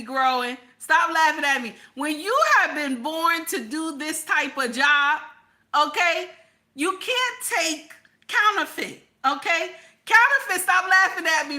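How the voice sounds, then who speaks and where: A woman's voice: sits high, pushed and bright. A woman hosting a live stream, reacting to a clip in a casual, emphatic way, repeating herself and talking straight to her viewers. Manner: repetitive, emphatic, chatty with viewers.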